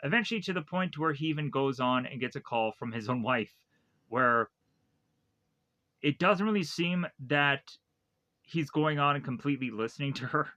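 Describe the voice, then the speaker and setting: A man's voice: mid-range voice, expressive, normal speed, bright, forceful tone, no room sound. Rambling man recapping a film. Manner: rambling, many fillers and restarts. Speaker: film reviewer. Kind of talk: casual spoken movie recap.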